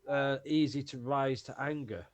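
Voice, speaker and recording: A man's voice: medium pitch, fairly even intonation, normal speed, dry recording. A man playing a tabletop game, thinking aloud about his turn and sometimes hesitating. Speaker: player.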